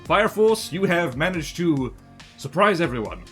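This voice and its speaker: An excitable man chatting on a live game stream, his voice bright and sitting fairly high. He rambles and yelps as chat messages come in. Faint music plays underneath. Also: measured pace.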